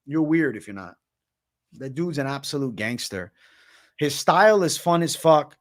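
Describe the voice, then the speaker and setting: A man's voice: on the high side, expressive, normal speed. A man in his twenties hosting a casual livestream, hyped and profane, heavy on slang. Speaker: livestream host.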